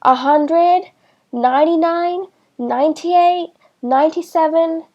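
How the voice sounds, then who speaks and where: A woman voicing an eager, worried young boy in a children's storybook reading, lifting her voice higher for him. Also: slow pace, muffled recording. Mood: counting.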